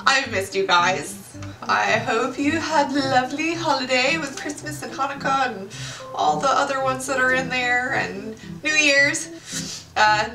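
A bubbly young woman in her late twenties chats to the camera in an eager, exclamatory way. Her voice sits a bit high, and she is picked up from a few steps back in an echoey room with music playing under her. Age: 20s. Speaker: YouTuber. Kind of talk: casual chat to camera. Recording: roomy echo, far from the mic, music behind.

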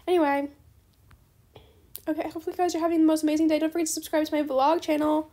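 A young woman chatting bubbly and fast while playing a game, often saying bestie. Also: high voice, little pitch movement, gravelly, a little mellow. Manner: bubbly, fast-talking, says bestie a lot. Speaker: gaming YouTuber. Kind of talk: casual gameplay commentary.

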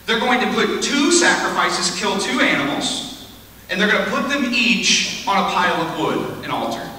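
Male retreat speaker, storytelling sermon, high lively voice, far off in a reverberant hall. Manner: animated, conversational storytelling. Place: large hall at a lake camp retreat.

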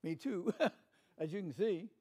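A man's voice: high voice, unhurried, warm tone. An older man with a Southern American accent teaching a folksy Bible lesson in a church class, chatty and often asking the room for an amen. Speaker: Sunday school teacher.

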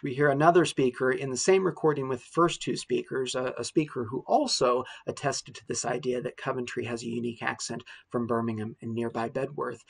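A university lecturer explains things in a measured, steady way. His voice has a gravelly, creaky edge and a husky texture, and it sits at a middle pitch. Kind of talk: recorded lecture.

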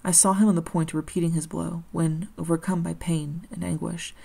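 A woman reading a classic novel aloud as an audiobook, in a measured, steady storytelling manner. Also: fairly low pitch, gravelly, husky. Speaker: audiobook reader.

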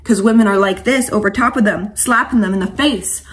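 A woman's voice: mid-range voice, a little fast, fairly bright tone. A woman coach and vlogger giving an impassioned, preachy monologue to camera, casual and slangy, calling viewers sweetheart and honey.

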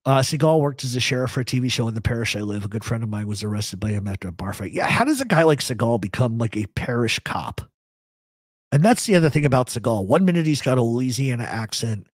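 A man's voice: mid-range voice, lively intonation, fast talker, breathy edge, dry recording, clean studio sound. A man hosting a live talk show, giving blunt, rambling opinions to viewers in the chat. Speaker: host. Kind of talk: live radio chat answering a chat.

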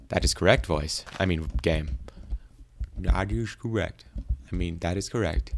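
Low-voiced man rambling through game commentary. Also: a little fast. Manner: rambling, goofy, self-deprecating, talks to animals. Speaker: gaming YouTuber.

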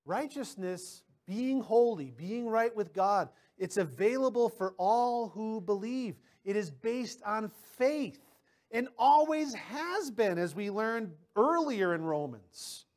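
A man's voice: sits high, lively intonation, takes it slowly, darkish tone. A man preaching a sermon as pastor, talking conversationally with personal stories and often repeating words as he starts a sentence.

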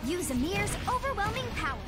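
A woman's voice: very high-pitched, big pitch swings, brisk. A woman voicing a regal, mysterious ancient female deity in game trailer dialogue, speaking in a solemn, commanding way. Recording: long reverb in game trailer audio. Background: faint trailer music.

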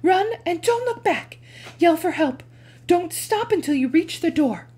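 A frightened, determined mother pleads with her son to flee, her voice rising high and strained, as a woman reads her lines aloud. The lines come quick and urgent from a storybook read-aloud. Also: expressive, dark tone.

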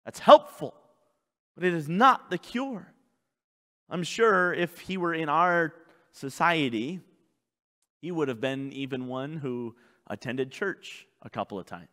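A male pastor preaching a sermon in a church, swinging from loud shouts to low, quiet passages. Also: expressive, slow pace, long pauses, long reverb tail. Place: church sanctuary.

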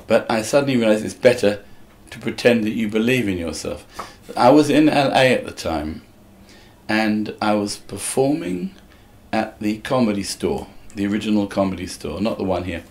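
A man's voice: lowish voice, animated, moderate pace, a little mellow. An older man from England, a musical comedian, telling wry stories in a casual interview and acting out other people's voices.

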